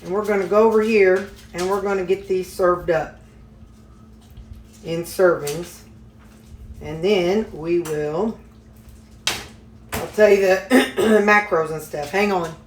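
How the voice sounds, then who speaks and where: A woman's voice: fairly low pitch, fairly even intonation, slow pace, pauses often, a little hiss or hum. A woman chatting folksily to viewers while cooking in her home kitchen. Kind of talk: casual cooking vlog chat. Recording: echoey kitchen with dish clatter.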